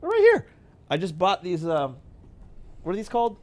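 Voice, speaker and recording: A man's voice: sits high, wildly swooping pitch, moderate pace. Chatty man telling funny stories. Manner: chatty, laughs often, puts on voices in stories. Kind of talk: casual chat.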